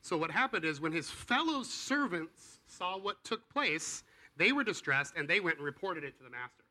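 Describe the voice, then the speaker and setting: A man preaching a sermon in a casual, conversational way, acting out the dialogue of the people in his story and swinging between quiet and loud. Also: on the high side, big pitch swings, moderate pace, poor audio. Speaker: pastor.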